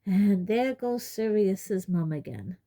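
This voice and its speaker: A woman's voice: medium pitch, expressive, takes it slowly, warm tone. A woman voicing a cheeky, sarcastic teenage boy in a storybook reading, close to her own voice. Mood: wry. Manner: wry, teasing asides. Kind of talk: audiobook reading.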